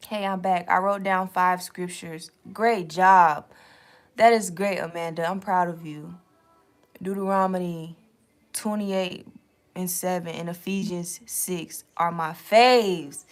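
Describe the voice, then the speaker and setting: A young woman runs a relaxed late-night tarot live stream, speaking at an ordinary mid-range pitch. Her delivery is casual and unfiltered, with easy swearing mixed into her readings. She talks straight to her viewers and answers their comments as they come in.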